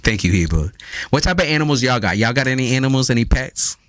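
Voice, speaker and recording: A man hosting a live stream, chatting casually with viewers in a loose, profane, animated storytelling manner. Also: medium pitch, fast talker, no room sound. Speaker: live stream tarot reader.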